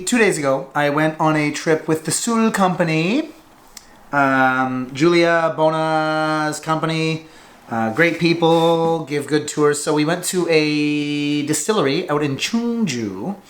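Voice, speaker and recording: A man's voice: fairly high pitch, fairly bright tone. A man talking casually and informally in a vlog, swearing now and then while he tells a story and reviews a drink. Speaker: vlogger reviewing Korean alcohol.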